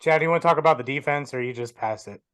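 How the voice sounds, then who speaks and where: A man's voice: mid-range voice, fast talker, fairly bright tone, no room sound. Confident young man, dry close sound. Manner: confident, listing points in order. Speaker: sports podcast co-host. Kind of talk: casual sports talk.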